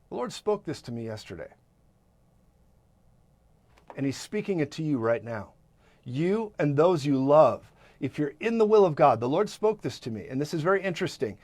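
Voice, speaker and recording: Male broadcast preacher, fervent and emphatic, fairly high voice, dry close sound. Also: very animated, darkish tone, dry recording. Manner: fervent, emphatic, with quick asides and repetitions. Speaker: prophetic minister and broadcast host.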